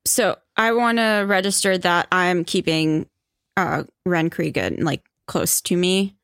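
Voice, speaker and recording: Woman player, slow and practical, asks about the details, dry close sound. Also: on the low side, a bit bright, clean tone, no room sound. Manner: matter-of-fact, asks practical questions. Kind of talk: tabletop game play.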